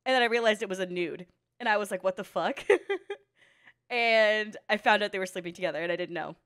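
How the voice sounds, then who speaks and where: A woman's voice: medium pitch, brisk. A woman giving casual reaction commentary on an anime. She swears freely, laughs often and talks candidly about her own past. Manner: animated and profane, laughs often.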